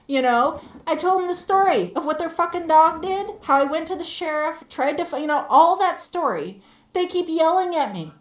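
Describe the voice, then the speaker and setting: A woman streamer telling a story in a heated, profane, animated rant. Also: very high voice, normal speed, reverberant. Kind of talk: casual ranting storytelling.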